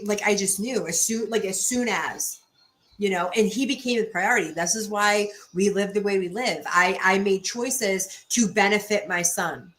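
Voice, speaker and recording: A woman's voice: medium pitch, pushed and bright, poor audio. A woman in her thirties hosting a livestream, chatting casually and reading viewer comments, blunt and profane, with frequent restarts. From Boston area. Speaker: livestream host.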